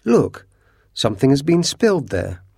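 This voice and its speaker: A man's voice: mid-range voice, big pitch swings, moderate pace, vocal fry, darkish tone, husky, no echo, voice pushed up, full character voice. A prim, genteel mother who startles easily and exclaims in a raised voice, as a male narrator puts her on. The recording is dry and close. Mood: alarmed.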